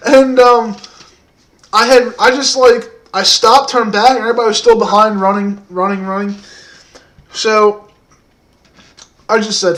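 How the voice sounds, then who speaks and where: A man in his twenties telling a story casually to the camera, soft-spoken and rambling, with many fillers. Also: high-pitched, level tone, a little slow, long pauses.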